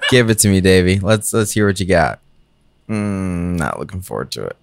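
A man's voice: sits low, expressive, moderate pace, gravelly, background noise. A man co-hosting an improv comedy game, ranting in exasperated bits. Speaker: co-host.

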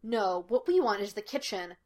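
A woman's voice: medium pitch, very animated, moderate pace, darkish tone, natural voice. Woman reading as a cocky wisecracking male psychic. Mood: joking. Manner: flippant, teasing.

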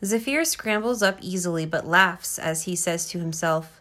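A woman reading a storybook aloud to her child, gentle and expressive. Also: fairly low pitch, normal speed.

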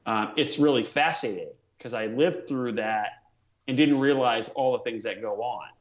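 A man's voice: medium pitch, normal speed, roomy sound, lo-fi sound. A man co-hosting a podcast in casual chat, reflective and hesitant. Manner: reflective, hesitant, many fillers. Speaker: podcast co-host.

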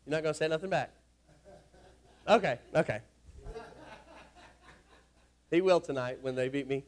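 A man preaching a sermon to his congregation in a church, with a folksy, rousing manner that often rises to shouting. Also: on the high side, fairly quick. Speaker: pastor. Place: church sanctuary.

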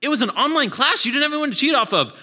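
A man voicing a kindly female school counselor in a sermon story, gently questioning and upbeat. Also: high-pitched, animated, racing, pitched above the performer's own voice. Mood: puzzled. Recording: long hall reverb.

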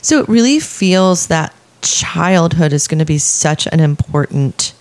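A woman co-hosting a casual podcast, speaking in a gushing, affectionate way and sometimes reading passages aloud slowly. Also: deep voice, animated, darkish tone. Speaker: podcast co-host. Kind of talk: casual chat.

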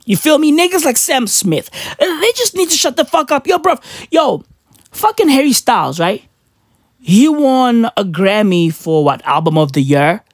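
A woman's voice: a little high, big pitch swings, normal speed, no echo, studio quality. A woman ranting on a podcast in casual, profane, slangy talk, emphatic and mocking.

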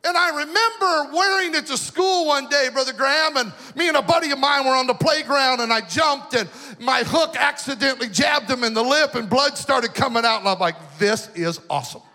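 High-voiced man preaching in a reverberant hall. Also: moderate pace, few pauses, sharp tone. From western United States. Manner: personal, emotional storytelling with sing-song swells. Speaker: pastor. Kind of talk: storytelling sermon.

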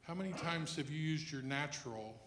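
A man preaching a sermon in a church, dropping to a hush and then rising to loud emphasis as he acts out quoted lines. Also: a little high, fairly quick. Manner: swings between hushed and loud emphasis. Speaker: pastor. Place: church hall.

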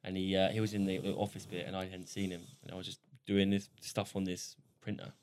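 A man's voice: sits low, completely flat delivery, fast talker, darkish tone, a little hiss or hum. A young man co-hosting a podcast, chatting casually, laughing often and swearing freely. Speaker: podcast co-host. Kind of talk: casual chat.

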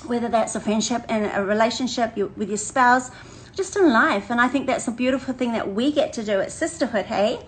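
An older woman, chatting warmly and energetically to a women's church group, laughing often and repeating phrases. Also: on the high side, fairly quick, low-quality recording. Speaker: women's ministry leader. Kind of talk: casual livestream chat to a women's group.

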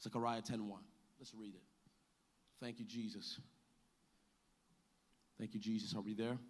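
A male pastor preaching a sermon, building to shouted, sing-song calls and call-and-response with the congregation. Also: lowish voice, little pitch movement, measured pace.

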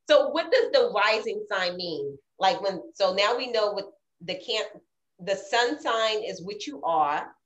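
Woman, mid-pitched voice, earnest, curious, casual chat. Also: animated, measured pace, roomy sound, dull audio. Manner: earnest, curious, repeats herself.

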